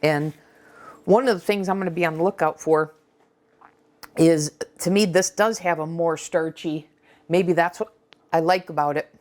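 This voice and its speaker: A woman's voice: on the low side, steady tone, normal speed, long pauses, a little mellow. A woman hosting a casual cooking vlog, talking chattily with fillers and restarts as she runs a taste test. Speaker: cooking channel host.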